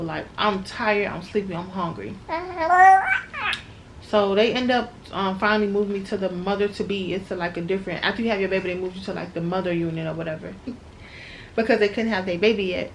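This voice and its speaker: A woman's voice: medium pitch, noisy background. A young woman telling her birth story in a casual, emotional way, calling her viewers y'all. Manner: chatty, addresses viewers as y'all, emotional retelling. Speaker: new mother vlogger.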